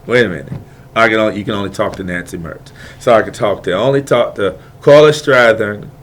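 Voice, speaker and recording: Impassioned low-voiced man ranting. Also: a little fast. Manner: heated, digressive, repeats himself, swings between quiet and loud. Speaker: video maker airing grievances.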